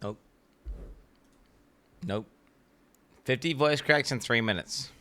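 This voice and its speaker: A young man streams a game from his home setup and rants excitably to his chat, swearing as he goes. His voice has a bright, sharp edge, close on a desk mic. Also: mid-range voice, slow. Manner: excitable, ranting, swears freely. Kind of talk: casual live-stream chat.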